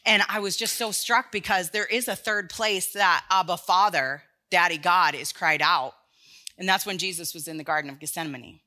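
A woman's voice: lowish voice, moderate pace, bright, forceful tone. A woman preaching an earnest, conversational sermon to a congregation, often restarting her phrases. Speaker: speaker in a church sermon series.

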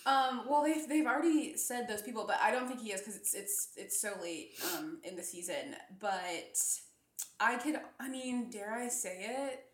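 A woman's voice: on the high side, expressive, normal speed. Chatty woman co-host, echoey room. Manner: chatty, lots of "like" and trailing restarts. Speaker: podcast co-host. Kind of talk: casual chat.

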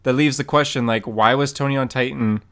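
A young man co-hosts a podcast in loose, casual chat. He is animated and laughs often. His voice sits at a middle pitch. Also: brisk, smooth. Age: young adult. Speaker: podcast co-host.

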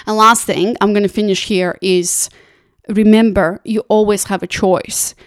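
A woman's voice: medium pitch, fairly even intonation, measured pace, dry recording, clean studio sound. A woman life coach talking straight to camera, giving earnest, conversational advice with lots of "like" and "you know".

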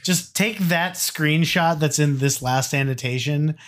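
A man's voice: fairly high pitch, measured pace, a bit bright. A man co-hosting a casual podcast, reading song annotations aloud in a mocking, sarcastic way. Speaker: podcast co-host.

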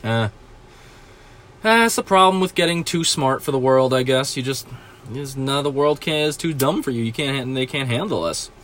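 A man's voice: mid-range voice, normal speed, fairly bright tone. A man hosting a solo podcast from a small closet, ranting profanely and with exasperation. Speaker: podcast host.

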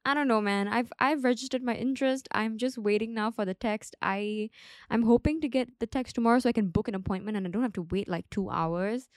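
A woman's voice: on the high side, a little fast, no room sound. Young woman chatting on her podcast, rambly, says like a lot, dry close mic. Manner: chatty, rambling, lots of "like" and asides. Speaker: podcast host. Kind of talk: casual solo podcast chat.

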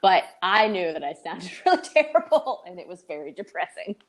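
A woman's voice: fairly low pitch, very animated, normal speed. A woman from Tennessee with a light Southern accent, co-hosting a casual chat full of "like" and "um". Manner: chatty, fond of fillers like "like" and "um". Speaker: podcast co-host.

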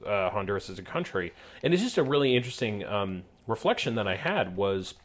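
Podcast co-host: young man, slightly low pitch, loose and self-deprecating. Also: big pitch swings, a little fast, a little hiss or hum. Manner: rambling, self-deprecating, lots of fillers. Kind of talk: casual podcast chat.

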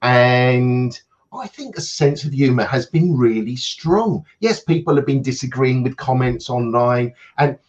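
A man's voice: medium pitch, expressive, unhurried, lo-fi sound. A man, a coach, telling self-mocking anecdotes in casual chat on a video call.

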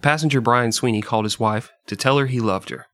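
A man's voice: medium pitch, fast, fairly bright tone, no room sound, clean studio sound. A man hosting a casual podcast, reading historical passages aloud and laughing often between them. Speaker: podcast host.

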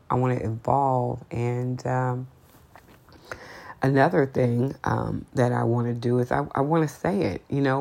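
A woman's voice: rumbling low, gravelly, darkish tone. A woman hosting a podcast, giving her blunt, outspoken opinions in a casual monologue, her voice climbing when she gets heated. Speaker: podcast host.

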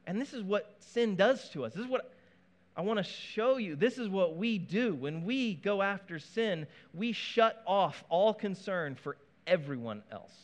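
Animated, conversational male preacher. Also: high-pitched, a little slow. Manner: conversational and animated, with asides and playful sound effects. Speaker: pastor. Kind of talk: sermon.

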